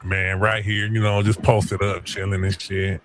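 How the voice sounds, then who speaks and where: Brief: livestream host, male, low voice, mocking trash talk, swears freely. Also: little pitch movement, unhurried, fairly bright tone, a little hiss or hum. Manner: taunting, trash-talking chat users; crude, profane slang. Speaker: stream host. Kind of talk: casual livestream chat.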